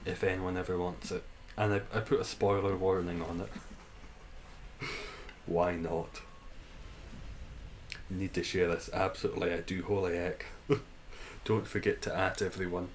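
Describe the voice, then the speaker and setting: A man's voice: deep voice, level tone, unhurried, pauses often, slight background noise, rough recording. A man streaming a game, chatting casually and answering his chat, laughing often.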